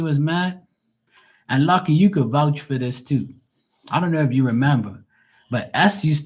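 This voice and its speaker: A man's voice: a little high, normal speed, darkish tone. A man who reads tarot, chatting casually on a livestream and telling stories in a blunt, profane way. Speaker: tarot reader and medium.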